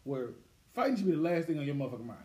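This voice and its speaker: A man's voice: fairly high pitch, sing-song, rapid-fire, mellow. A man in a casual group chat, opinionated, joking and profane.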